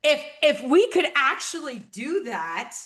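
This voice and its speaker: A woman's voice: sits high, takes it slowly. Blunt, profane woman coach on a podcast. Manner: blunt, profane, animated storytelling. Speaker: relationship coach and podcast host. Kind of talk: candid podcast conversation.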